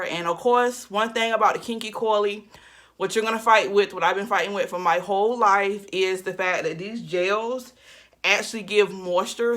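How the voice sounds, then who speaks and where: A woman's voice: medium pitch, fairly bright tone. A woman vlogging about hair care in a casual, chatty way, talking straight to her viewers. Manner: chatty, talks straight to viewers as y'all and child. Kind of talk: casual chat to camera.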